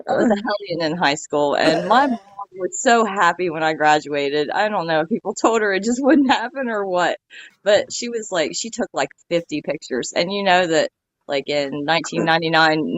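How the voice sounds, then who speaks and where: A woman's voice: fairly low pitch, moderate pace, no echo. A woman in her forties telling self-mocking stories in a casual chat among co-hosts. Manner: lively, self-mocking storyteller. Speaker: stream co-host. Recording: dull lo-fi mic.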